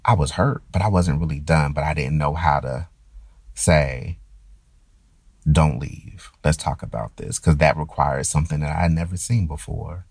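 A man's voice: extremely low pitch, moderate pace, breathy edge, no echo. A man talking through his feelings in a reflective personal monologue, hesitant and often stammering as he restarts his thoughts. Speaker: performer.

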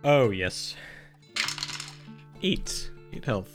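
A man playing a tabletop game, talking in a groggy, drawn-out way. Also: mid-range voice, big pitch swings, soft background music. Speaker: player. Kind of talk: tabletop role-play.

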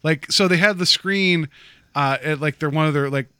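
A man from West Virginia talks casually on a podcast in a bright, forward voice set a little high. He rambles, stacking fillers and restarting his sentences. The sound is dry and close. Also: moderate pace, clear, resonant tone, no room sound. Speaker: podcast co-host. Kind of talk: casual chat.

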